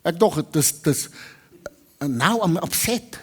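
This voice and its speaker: Casting: South African male preacher, a little high-voiced, storytelling sermon, big hall echo. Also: expressive, slow pace, husky. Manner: switches between Afrikaans and English, acts out dialogue loudly. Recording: long hall reverb.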